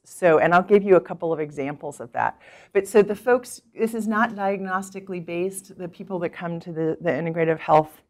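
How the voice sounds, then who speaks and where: A middle-aged woman physician giving a talk, telling patient stories and acting out what people said, with frequent restarts. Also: on the low side. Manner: animated storyteller, acts out quoted people with laughs; thinks aloud with restarts and fillers. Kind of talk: conference talk with storytelling.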